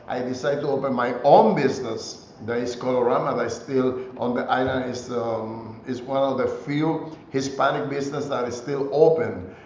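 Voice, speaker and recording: An older man as an interview guest, telling stories in an easygoing way with frequent pauses and filler sounds. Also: medium pitch, echoey room, muffled recording, a little hiss or hum. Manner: relaxed storytelling with frequent hesitations. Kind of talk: conversational interview.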